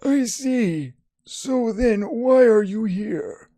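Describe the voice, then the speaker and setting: A man voicing a mysterious woman psychic in a text game, speaking slowly and measured. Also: sits high, mellow, dry recording, studio quality, pitched above the performer's own voice, heavily acted. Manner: slow, measured.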